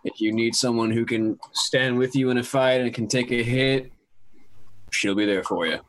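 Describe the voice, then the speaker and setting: A man narrating a tabletop role-play as game master, introducing characters in a laid-back, halting way. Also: mid-range voice, fairly even intonation.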